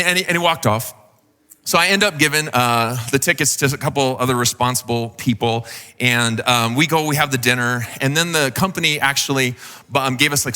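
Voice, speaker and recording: A male pastor preaches in a loose, conversational way, full of fillers and little acted-out quotes. His voice is bright and forward. It rings out in a hall with a long reverb. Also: mid-range voice. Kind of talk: sermon.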